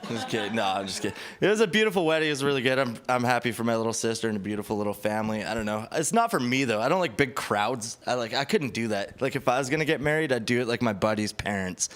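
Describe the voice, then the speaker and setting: A man's voice: medium pitch, lively intonation, fast talker, few pauses, fairly bright tone. Rambling self-deprecating stand-up guy. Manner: rambling, self-deprecating, lots of likes and laughs. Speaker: stand-up comedian. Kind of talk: stand-up set. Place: comedy club stage.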